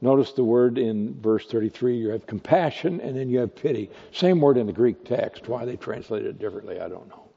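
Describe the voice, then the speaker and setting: A male pastor preaching an expository sermon, teaching slowly and deliberately with rhetorical questions. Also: mid-range voice, creaky, slightly rough. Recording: dull lo-fi recording with long hall reverb.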